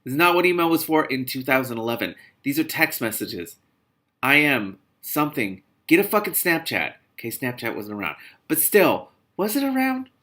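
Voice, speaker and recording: A man's voice: big pitch swings, normal speed, bright, forceful tone. A man reading a novel aloud with comedic commentary, sarcastic and exasperated, swearing freely and muttering the narration. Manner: reads narration in a low muttering voice. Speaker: reader and commentator.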